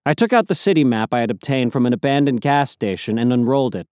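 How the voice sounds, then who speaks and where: Brief: male audiobook narrator, mid-pitched, measured, dry close mic. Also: expressive, a little mellow, dry recording. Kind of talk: scripted narration.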